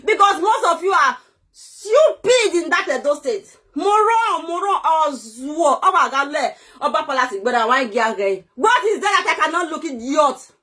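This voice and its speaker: Nigerian woman, very high and bright voice, loud scolding rant with shouts and mutters. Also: big pitch swings, normal speed. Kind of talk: ranting monologue to camera.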